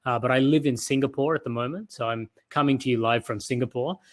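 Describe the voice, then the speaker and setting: A man's voice: medium pitch, quick pace. A man with an Australian accent giving a virtual conference talk, telling stories in an earnest way. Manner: earnest, storytelling delivery. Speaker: conference speaker.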